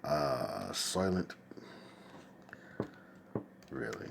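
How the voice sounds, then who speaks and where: Low male host, very expressive, casual desk chat with faint background hiss. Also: unhurried, pauses often. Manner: animated, exclamatory, reads viewer comments aloud. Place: at a desk at home.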